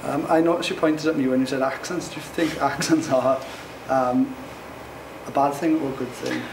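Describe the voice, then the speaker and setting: A man's voice: mid-range voice, fairly even intonation, moderate pace. A young man interviewing a guest as a student, asking hesitant questions with many ums. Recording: distant mic in echoey noisy room.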